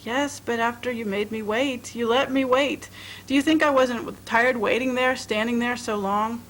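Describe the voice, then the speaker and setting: A woman's voice: on the high side, fairly even intonation, moderate pace, a bit bright, a little hiss or hum, lightly acted, poor audio. A woman reading aloud and voicing a tired, lovesick young woman who pleads emotionally. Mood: pleading.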